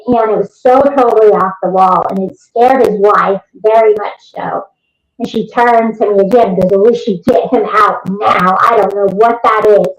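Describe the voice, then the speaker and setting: A woman telling a story as an interview guest, lively and vivid. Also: medium pitch. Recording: roomy, muffled remote recording.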